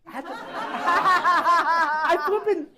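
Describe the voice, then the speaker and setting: A man giving casual Q&A answers to a live audience, telling animated stories and correcting himself as he goes. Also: very high-pitched, extremely slow, a loud crowd, very noisy. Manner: animated storytelling, self-correcting. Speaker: tax advisor speaker. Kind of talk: casual Q&A talk.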